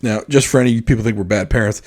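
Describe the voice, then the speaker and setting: A man's voice: on the low side, quick pace. A man co-hosting a podcast, telling a story in casual chat and acting out the quoted voices of others. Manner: animated, acts out quoted dialogue. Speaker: podcast co-host.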